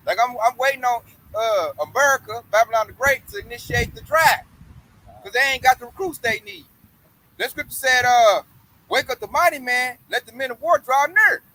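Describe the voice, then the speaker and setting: A man reading Bible verses aloud and commenting on them in casual slang, joking and doing quick voices. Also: very high voice, very animated, sharp tone, low-quality recording. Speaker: bible study teacher. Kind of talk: informal scripture study and commentary.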